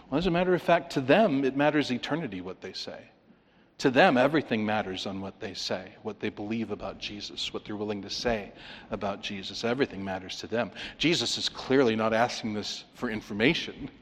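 A man's voice: medium pitch, expressive, fairly quick. Emphatic male preacher in a reverberant hall. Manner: emphatic, rhetorical questions, swings between loud and quiet. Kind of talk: expository sermon. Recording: long reverb of a large hall.

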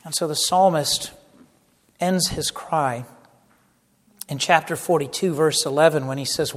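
A man with a high voice delivers an earnest sermon at an unhurried pace. He turns dramatic and hushed when he quotes the psalms. His words ring out with long reverb in a church hall. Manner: earnest, dramatic, drops to hushed tones in quotations. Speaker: preacher.

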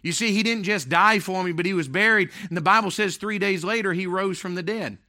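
A man with a fairly high, bright, forceful voice preaches a sermon. He is emphatic, swinging between loud declarations and hushed, intimate asides. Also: fairly quick. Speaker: pastor.

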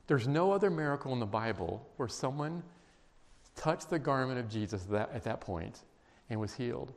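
A man preaching a sermon, emphatic and emotional, dropping to quiet intense passages. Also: medium pitch, expressive, moderate pace. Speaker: pastor. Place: church sanctuary. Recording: long reverb of a large hall.

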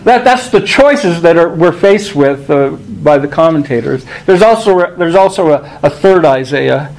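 A man preaching a sermon, reading scripture aloud and rising in pitch on the quoted lines, thinking aloud with restarts. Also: animated, moderate pace, darkish tone, low-quality recording. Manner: rises in pitch when quoting scripture.

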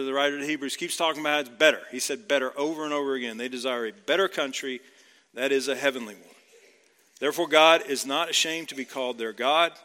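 A man's voice: medium pitch, pushed and bright, big-room sound. A male pastor from Georgia preaching a sermon in a conversational way, often checking in with "right?".

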